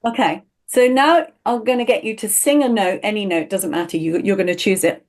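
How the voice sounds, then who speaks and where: A woman's voice: medium pitch, brisk, a little mellow. A woman teaching a one-on-one voice lesson, explaining with enthusiasm and laughing often.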